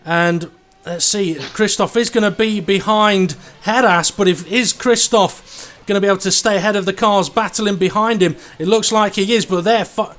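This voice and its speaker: A man doing live race commentary, who gets excited during close battles. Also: sits high, moderate pace. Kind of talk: live sim racing commentary.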